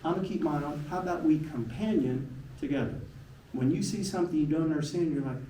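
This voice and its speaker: A middle-aged man gives a live presentation as a motivational speaker, talking in an animated, emphatic way with lots of rhetorical questions. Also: fast talker. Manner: animated and emphatic, with big swings in pitch and frequent rhetorical questions. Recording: echoey, distant hall sound with faint noise.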